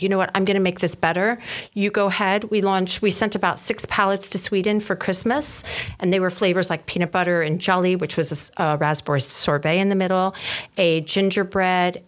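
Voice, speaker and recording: A woman with an American accent, a company founder chatting as an interview guest, telling her story in a lively way with many fillers. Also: lowish voice. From United States. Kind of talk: casual interview chat.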